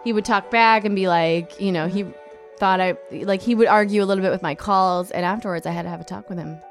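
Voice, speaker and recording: A woman's voice: medium pitch, fairly even intonation, fast talker, soft background music. A woman co-hosting a podcast, telling stories in casual chat with wry, joking asides. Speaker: podcast co-host. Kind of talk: casual chat about a TV episode.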